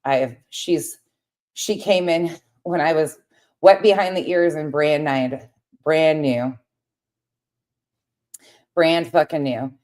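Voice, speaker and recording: Low-voiced woman ranting on a livestream. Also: slow, pauses often, darkish tone. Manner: heated, swears often, talks straight to viewers; paces around while talking. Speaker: livestream host reading chat. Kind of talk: casual late-night livestream chat.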